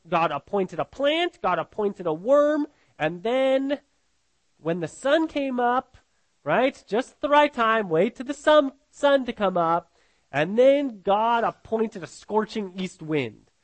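A man's voice: sits high, expressive, slow pace, no echo. A man preaching an expository sermon, emphatic, often repeating phrases and checking in with "right?".

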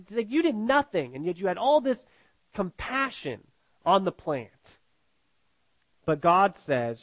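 Emphatic high-voiced male preacher. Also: sing-song, moderate pace, fairly bright tone, no room sound. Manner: emphatic, repeats phrases, asks "right?". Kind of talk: expository sermon.

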